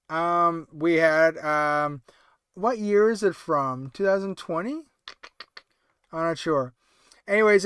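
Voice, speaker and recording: A man's voice: fairly high pitch, a bit bright, smooth, no room sound, clean studio sound. A tired man hosting a late-night livestream about toy collecting, chatting casually and rambling with lots of fillers and restarts.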